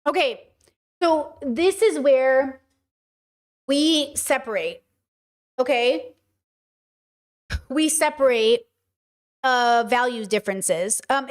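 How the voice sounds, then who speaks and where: A woman from Southern California hosting her podcast, delivering blunt, fast commentary that slips into swearing rants. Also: sits high. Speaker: podcast host. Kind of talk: casual commentary.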